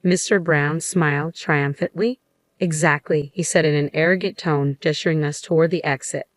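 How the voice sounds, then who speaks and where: Woman, deep low voice, story narration, steady pace, dry booth sound. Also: moderate pace, dry recording.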